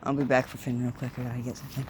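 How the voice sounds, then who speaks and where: A man's voice: mid-range voice, level tone, racing, noisy background. A man vlogging outdoors at night on a handheld phone, rambling casually about what he's doing and talking to his cat. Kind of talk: casual vlog. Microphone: handheld phone camera.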